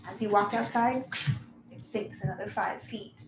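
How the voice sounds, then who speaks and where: A woman's voice: mid-range voice, moderate pace. A woman narrating as game master of a tabletop game, casual and descriptive, with many fillers. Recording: echoey room with faint noise.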